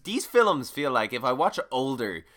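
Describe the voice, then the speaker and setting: A man thinking aloud about films on a casual podcast. His voice is bright and his pitch moves a lot. He rambles through his points with many fillers. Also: big pitch swings, normal speed. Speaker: podcast co-host. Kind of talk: casual chat.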